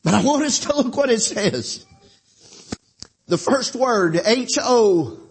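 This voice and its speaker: High-voiced preacher man. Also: lively intonation, slow, vocal fry. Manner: preaching with rising, shouting fervor and folksy asides. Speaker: pastor. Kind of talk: sermon.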